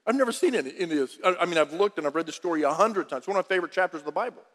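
A male pastor preaching a sermon in an animated, emphatic way, often repeating phrases. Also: high voice, racing, in a large hall.

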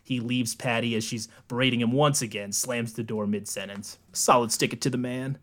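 A young man co-hosting a podcast, recapping a film in a relaxed, joking way, laughing often and swearing. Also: mid-range voice, normal speed. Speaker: podcast co-host. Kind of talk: casual movie recap chat.

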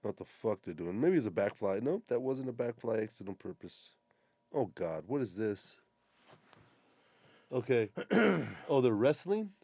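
A man's voice: mid-range voice, big pitch swings, unhurried, long pauses, darkish tone, slightly rough, no room sound. Blunt, foul-mouthed man hosting a podcast. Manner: blunt, swears a lot, exasperated critique. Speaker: podcast host. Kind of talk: casual profane chat and video commentary.

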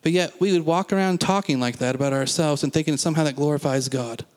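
Preacher guy, slightly high voice, punchy and repeats himself, church hall echo. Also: quick pace, a little mellow. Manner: emphatic, repeats phrases, asks the congregation questions. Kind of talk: sermon.

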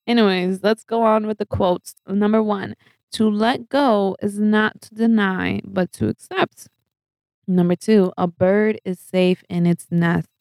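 A woman's voice: medium pitch, gravelly, darkish tone, dry recording. A woman hosting a casual solo podcast who reads out facts and quotes, chatting and giggling at her own asides. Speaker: podcast host.

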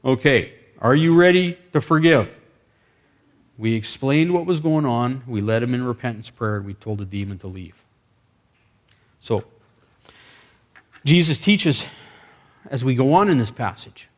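Animated male preacher. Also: mid-range voice, measured pace, long pauses. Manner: animated anecdote with acted dialogue and bursts of excitement. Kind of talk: sermon storytelling.

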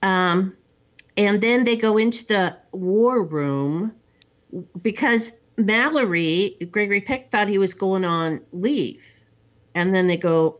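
A woman's voice: mid-range voice, takes it slowly. A woman host casually retelling a film plot, rambling with many ums and asides. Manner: rambling storyteller with many fillers. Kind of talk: casual movie recap.

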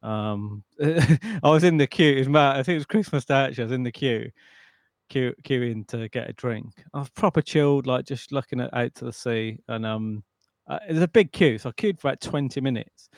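A man's voice: mid-range voice, a little fast, no room sound. A man co-hosting a podcast, telling a story in a casual, rambling way with lots of restarts. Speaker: podcast co-host. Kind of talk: casual chat.

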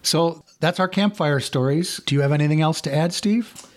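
A man's voice: fairly high pitch, normal speed. A man hosting a podcast, telling a scary campfire story with dramatic, suspenseful pacing. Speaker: podcast host.

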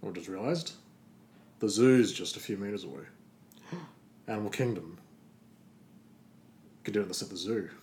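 Laid-back Australian man, lowish voice. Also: a little slow, pauses often, darkish tone, reverberant, a little hiss or hum. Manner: laid-back, swears, laughs often. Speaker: podcast co-host. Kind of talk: casual comedy podcast banter.

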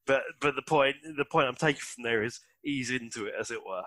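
A man's voice: mid-range voice, brisk, bright, forceful tone, dry recording. A man hosting an interview, enthusiastic and stumbling over his questions. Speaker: podcast host.

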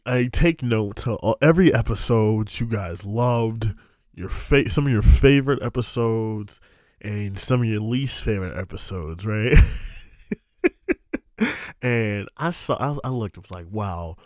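A man's voice: on the low side, unhurried, no echo, studio quality. A young man hosting a podcast, telling a story in a casual, profane, ranting way with frequent laughs. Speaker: podcast host.

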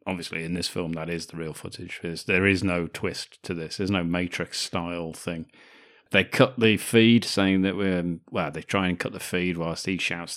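A man's voice: sits low, fairly bright tone. A man co-hosting a casual film podcast, bantering crudely and laughing often as he recaps scenes. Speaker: podcast co-host. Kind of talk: casual film-review chat.

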